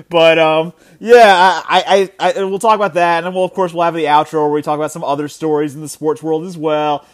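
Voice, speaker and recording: Male podcast host, 30, a bit higher-pitched, casual storyteller with restarts. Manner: animated storytelling, many restarts and filler words. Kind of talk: casual solo sports podcast chat. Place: his house.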